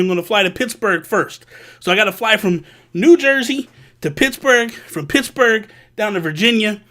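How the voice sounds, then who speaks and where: A man hosting a vlog, telling a personal story in an animated, casual way with slang. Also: high voice, moderate pace. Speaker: vlog host. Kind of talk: storytelling to camera.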